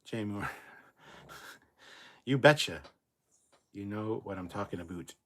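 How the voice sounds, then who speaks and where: A middle-aged man with a slightly low voice hosts a livestream from his desk mic. He reads viewer comments aloud and answers them in a loose, casual way, swearing freely. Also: lively intonation, slow, a bit bright. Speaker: livestream host reading chat. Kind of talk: casual live chat reading.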